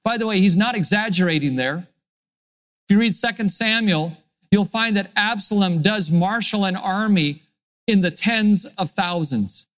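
A male pastor delivering a sermon in an earnest, expressive teaching manner. He explains scripture with conviction and leans into dramatic readings of the verses. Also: high voice.

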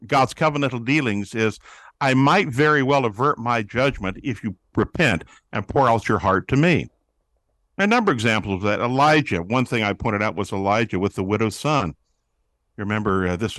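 A man's voice: on the low side, fairly bright tone, no room sound. A man teaching like a preacher in an interview, his voice rising and falling as he acts out the people he quotes. The sound is dry and close, with no room around it. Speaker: guest, pastor-author on prayer.

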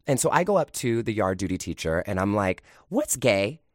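A man's voice: lowish voice, very animated, fast talker, no room sound, studio quality. A man hosting a podcast, telling a personal story in a candid, confiding, conversational way. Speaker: podcast host.

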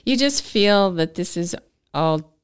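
A woman's voice: lowish voice, expressive, slow pace, clear, resonant tone, no echo, clean studio sound. A woman hosting a podcast interview, talking carefully and hesitantly, often trailing off. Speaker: podcast host.

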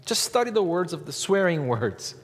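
A man preaching a sermon as a pastor, speaking in a slow, measured way and lifting his voice on key words. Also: high voice, very animated. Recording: long reverb from a large hall.

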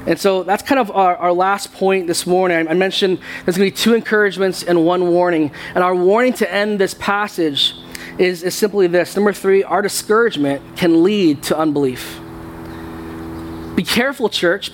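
A young man preaching to his congregation with a noticeably high voice. He talks the sermon through like a conversation and often restarts his phrases. It sounds like a church service. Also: a little hiss or hum. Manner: conversational preaching with frequent repeated words. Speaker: pastor. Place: church sanctuary.

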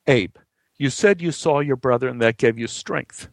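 A man's voice: medium pitch, normal speed, creaky, no room sound. A man telling a true story in a conversational, earnest way. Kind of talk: spoken storytelling.

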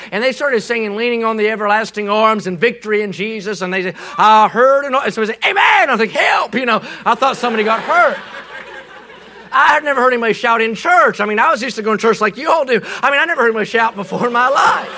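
A man preaching a humorous sermon, telling a story with animation and comic timing, breaking into shouts for emphasis. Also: sits high.

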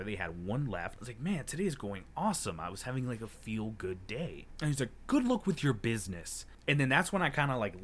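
A man's voice: on the low side, a bit bright. Young male podcast co-host, indignant and profane, storytelling with acted-out retorts. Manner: heated, profane storytelling, acting out his own retorts. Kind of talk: casual podcast chat.

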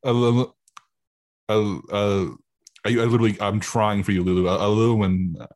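A man's voice: lowish voice, fairly even intonation, moderate pace, a little mellow. A man in a casual movie podcast chat, riffing in jokey rants.

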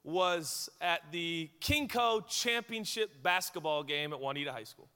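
With a clear, resonant voice on the high side, a Washington state pastor preaches at a measured pace in a church sanctuary with a big-room sound. He shares lively anecdotes, poking fun at himself and joking along the way.

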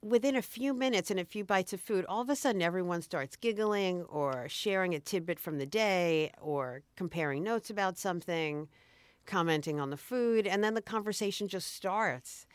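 A woman's voice: lowish voice, moderate pace, smooth, no room sound. A middle-aged woman food blogger on a podcast, chatting in an easygoing, thoughtful way with frequent restarts. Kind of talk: casual chat.

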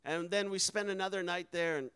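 A man's voice: high voice, normal speed, fairly bright tone, smooth, no echo, rough recording. A man, a missionary, telling a personal testimony with earnest emotion and acting out the quoted dialogue. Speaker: missionary speaker.

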